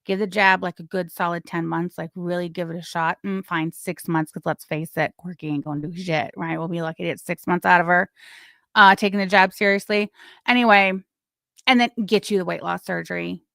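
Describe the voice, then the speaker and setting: Woman livestream host, bright and crisp, dry close sound, blunt and crude, prone to loud excited bursts. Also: fairly low pitch, brisk, no echo. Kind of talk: casual gossip commentary.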